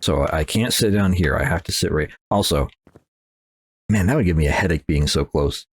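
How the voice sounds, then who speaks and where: A low-voiced let's play host speaks at normal speed with no echo, a little nasal after a sneeze. He rambles while playing a horror game, joking at his own expense and replying to the game.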